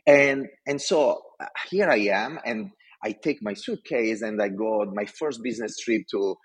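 Passionate Italian man, low husky voice. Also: normal speed. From Italy. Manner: passionate, acts out quoted dialogue. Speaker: design executive telling a career story. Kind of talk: animated storytelling.

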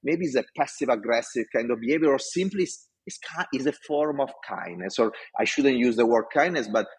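A man's voice: medium pitch, fairly quick, breathy edge. A middle-aged man from Italy, a design executive telling a story with passion. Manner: passionate, animated. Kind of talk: storytelling talk.

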